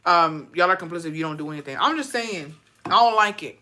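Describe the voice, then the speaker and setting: A woman with a bright, sharp-edged voice delivers a heated reaction commentary. She rants with profane outrage, swinging between disbelief and fury. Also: lowish voice, lively intonation. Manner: profane, outraged, fast-shifting rant.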